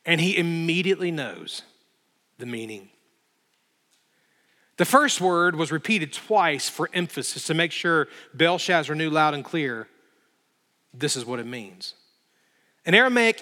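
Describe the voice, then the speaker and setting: A man's voice: a little high, pushed and bright, in a large hall. A man pastor preaching a sermon, retelling a scripture story with mounting emphasis. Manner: emphatic, building intensity, dramatic retelling.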